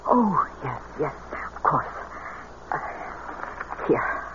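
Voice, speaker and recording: A woman's voice: rumbling low, very animated, extremely slow, heavily acted. A tremulous, pleading grieving mother, her voice swooping up and down. The sound is dull and hissy, like an old radio recording. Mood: meek. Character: grieving, gullible mother at a seance. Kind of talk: 1940s radio acting.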